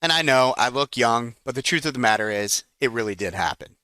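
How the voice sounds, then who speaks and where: An eager man in his forties leads a live trading session. His voice is bright and forceful, clean and smooth, recorded close and dry. He talks in a chatty, excitable way and keeps breaking off to handle trades. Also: medium pitch, brisk, no room sound. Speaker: trading educator. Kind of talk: live trading room teaching.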